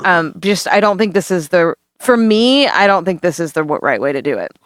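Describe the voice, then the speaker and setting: A woman co-hosting a podcast, chatting casually and frankly, with lively swearing. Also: lowish voice, normal speed, no room sound, clean studio sound. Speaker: podcast co-host. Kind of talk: casual chat.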